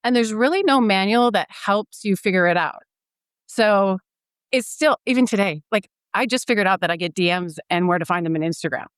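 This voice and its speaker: A woman in her fifties tells her story as a podcast guest, her voice smooth and resonant. She is casual and animated and acts out the dialogue she recalls, recorded close and dry. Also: medium pitch, a little fast, dry recording.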